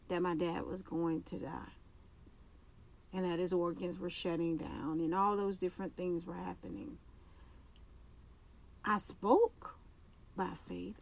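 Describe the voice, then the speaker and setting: A woman hosting a podcast, giving an earnest personal faith testimony and speaking haltingly, with restarts and repeated phrases. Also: lowish voice, creaky. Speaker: podcast host.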